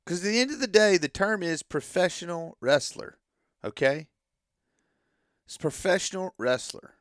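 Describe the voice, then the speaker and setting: A man's voice: sits high, lively intonation, moderate pace, a bit bright, smooth, no room sound, studio quality. A man delivering an opinionated monologue as a wrestling fan, ranting and repeating himself, then hedging that it is just his opinion.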